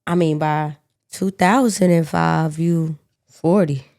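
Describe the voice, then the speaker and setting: A woman's voice: sits low, steady tone, slow pace, creaky, darkish tone. A woman co-hosting a podcast, telling a true-crime story in a casual, slangy, profane way with joking asides. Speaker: podcast co-host.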